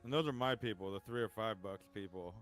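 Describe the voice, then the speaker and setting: A gaming streamer with a lowish, fairly bright voice talks fast as he tells a funny story in casual chat, laughing often. He acts out his friend's replies while faint game music plays behind him.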